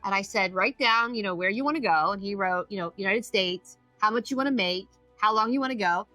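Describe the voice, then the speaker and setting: A woman's voice: medium pitch, fairly quick, bright, forceful tone, dry recording, soft background music. A middle-aged woman, a recovery coach, speaking as a podcast guest, telling stories emphatically and acting out the voices of people she quotes. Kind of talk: podcast interview storytelling.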